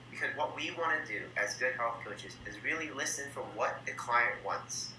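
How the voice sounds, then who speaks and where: A man with a very bright, forward voice, talking through a training lesson as its host. He coaches in an upbeat way and plays out little sample conversations. The room is echoey, with a faint hum of ambience behind him. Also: medium pitch, expressive, moderate pace, hardly any pauses. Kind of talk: instructional talk to camera.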